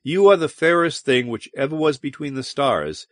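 A man voicing a weary, brooding male starship captain in an audiobook, in a low, measured delivery. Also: animated, dry recording, clean studio sound, lightly acted. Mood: longing.

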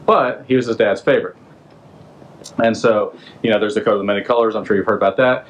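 A man's voice: lowish voice, fairly even intonation, fast, long pauses, lo-fi sound. Offhand, slangy male storyteller. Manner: slangy, offhand retelling with rhetorical questions. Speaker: podcast host. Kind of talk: casual storytelling.

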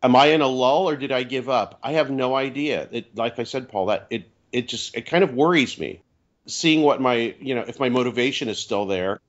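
A man's voice: medium pitch, moderate pace. Reflective man rambling in casual chat. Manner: reflective, rambling, self-questioning. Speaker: podcast guest, author and radio host. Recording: dull lo-fi audio.

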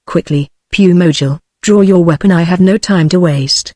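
A text-to-speech voice reading the lines of a bold Earthman swordsman, in flat machine speech with a dry sound. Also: medium pitch, moderate pace, no echo, natural voice. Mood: commanding.

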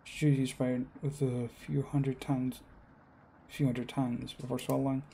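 A man reading a game's story text aloud in a plain, even way, with small slips. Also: mid-range voice, unhurried, creaky, slight background noise. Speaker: gamer.

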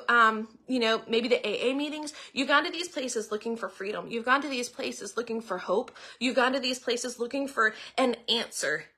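A woman's voice: fairly high pitch, sharp tone. A middle-aged woman giving an earnest devotional talk full of rhetorical questions. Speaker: ministry speaker.

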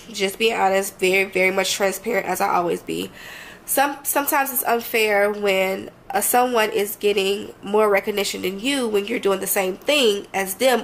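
A woman's voice: medium pitch, slight background noise, low-quality recording. A young woman vlogger, talking casually and heartfelt to her viewers, a bit congested and emotional, rambling and often asking if she makes sense. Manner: rambling, heartfelt, frequent "you know what I mean". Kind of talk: casual talk to camera.

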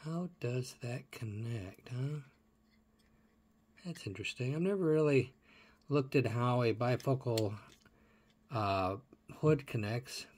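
Husky-voiced man musing over toy cars. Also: medium pitch, takes it slowly, pauses often, darkish tone. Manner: chatty and musing aloud, asking viewers questions. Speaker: toy car collector showing his collection. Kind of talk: casual hands-on show-and-tell.

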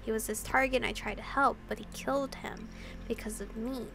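A woman with a slightly high, creaky voice and fairly even intonation reads a visual novel's narration aloud with feeling, speaking briskly and tossing in giggly remarks. It's a let's play with commentary, and there's noise in the background.

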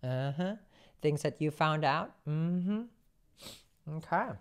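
Slow and smooth, a low-pitched woman's voice delivers a tarot reading. She keeps it conversational, thinking aloud with hums and asking questions she doesn't expect answered.

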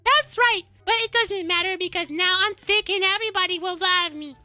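A shrill, very high and bright little voice of a greedy gold-digger girl, put on by a woman in a game role-play. She whines and demands money without shame, with music playing faintly behind. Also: a little fast, no room sound, exaggerated voice. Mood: smug. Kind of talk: Roblox role-play voice acting.

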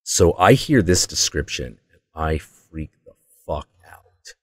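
A man hosting his own show, telling a story as a casual monologue in an intense, profane, excitable way. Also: very deep voice, slow pace, dry recording, studio quality. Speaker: host.

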